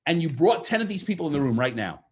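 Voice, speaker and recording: A man in the middle of a live seminar, talking in a fairly high voice that swings up and down as he makes his points. He throws questions at the room and slips into the voices of the clients he quotes. His delivery is energetic and full of push. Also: quick pace. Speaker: real estate sales trainer. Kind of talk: live seminar talk to an audience.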